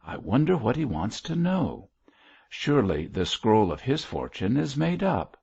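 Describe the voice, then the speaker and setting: A man voicing a lively, teasing young army captain in an audiobook, talking in a playful bantering way. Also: mid-range voice, measured pace, vocal fry, husky, muffled recording, pitched above the performer's own voice, full character voice.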